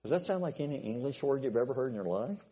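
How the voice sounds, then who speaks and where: A male preacher delivers a sermon in a chatty, meandering way, circling back and asking whether everyone is with him. His voice sits at an ordinary middle pitch. A long reverb from the hall trails after his words. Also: animated, fast, mellow, breathy edge, highs cut off. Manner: conversational, repeats himself, asks the congregation if they follow.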